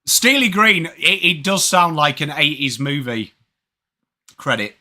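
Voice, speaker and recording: An Englishman in his thirties, speaking with an English accent, chats with viewers and greets them by name during a live sports watch-along stream. His voice is fairly high, bright, and forceful, very animated but a little slow.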